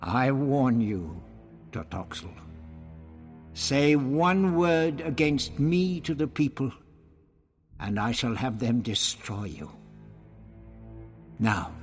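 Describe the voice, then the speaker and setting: A man's voice: medium pitch, very animated, takes it slowly, pauses often, in a large hall, soft background music. A man voicing a young woman who speaks firmly and, under strain, stammers. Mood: stern. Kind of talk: audiobook character reading.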